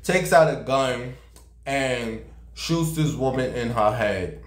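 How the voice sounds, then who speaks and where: A man's voice: mid-range voice, expressive, slow pace. Sassy, profane New man gossiping. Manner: profane, sassy, dramatic storytelling. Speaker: gossip vlogger. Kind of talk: casual gossip commentary. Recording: roomy echo.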